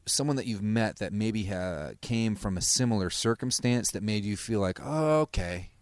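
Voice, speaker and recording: A man's voice: lowish voice, animated, moderate pace, dry recording. A man hosting a podcast in casual conversation, swearing freely and restarting sentences. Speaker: podcast host.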